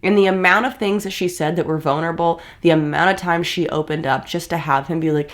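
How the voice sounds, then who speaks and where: A woman's voice: fairly low pitch, fairly even intonation, fairly quick, few pauses. A woman in her thirties giving casual, blunt and sarcastic commentary as a YouTube host.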